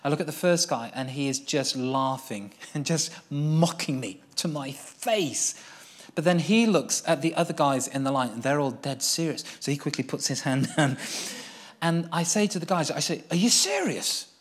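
A young man preaches through his own story, his voice sitting a little high. He moves between bursts of excitement and quiet, earnest moments as he recounts it. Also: moderate pace. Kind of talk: personal testimony sermon.

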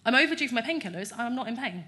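A woman, giving a chatty, animated testimony in an interview at church. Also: on the high side, racing.

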